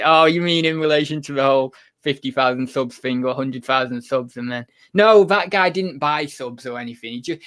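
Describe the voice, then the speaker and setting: This livestream host is a man whose voice sits at medium pitch with a slightly bright quality. He chats loosely and reads out viewer comments, rambling with lots of fillers and restarts.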